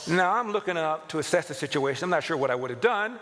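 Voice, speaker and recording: A man in his sixties, a radio talk show host, telling personal stories with animated, chuckling delivery. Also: on the high side, fast talker. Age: 60s. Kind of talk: anecdotal storytelling to an audience. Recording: reverberant hall with clear background noise.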